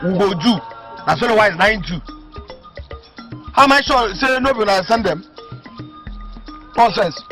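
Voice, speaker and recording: A man's voice: high-pitched, lively intonation, normal speed, pauses often, pushed and bright, faint music behind. A scornful vigilante man. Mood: resentful. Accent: Nigerian Pidgin English. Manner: ranting, mocking, indignant. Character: resentful male village vigilante, scornful. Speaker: village vigilante member. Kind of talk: comedy film acting.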